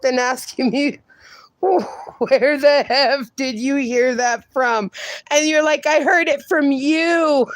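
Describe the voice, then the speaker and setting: A woman hosting a livestream reads viewer comments aloud and chats casually, laughing often. Her voice is on the high side and creaky, with no echo.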